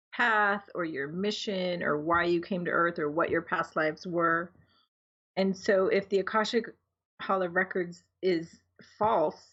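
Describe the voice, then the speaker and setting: A woman's voice: lowish voice, fairly bright tone, dull audio. A woman, an energy healer and guest, talking casually and laughing easily, with many ums and you-knows. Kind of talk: casual interview talk.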